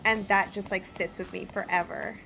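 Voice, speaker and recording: A woman's voice: medium pitch, steady tone, moderate pace, creaky, music in the background. A woman streamer chatting casually with her live chat, blunt, swearing freely and laughing often.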